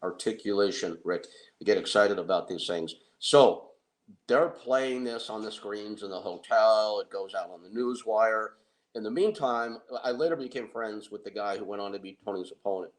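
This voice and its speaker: Lower-voiced middle-aged man, animated storyteller, laughs at himself. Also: normal speed. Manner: animated, self-deprecating, laughs often. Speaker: wrestling and MMA manager. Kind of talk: anecdotal storytelling.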